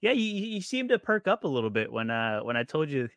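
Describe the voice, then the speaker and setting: A man hosting a casual podcast chat, out of breath, talking in an excitable, joking, rambling way. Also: medium pitch, fast talker, no echo. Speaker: podcast host.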